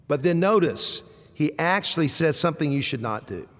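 High-voiced preaching man in a reverberant hall. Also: lively intonation, normal speed, a bit bright. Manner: preaching with rising emphatic bursts and rhetorical questions. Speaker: pastor. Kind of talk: sermon.

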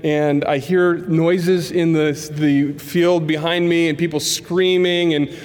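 A little high-voiced and taking it slowly, a pastor preaches in church, animatedly acting out dialogue from the stories he tells. The recording has the long reverb of a large hall.

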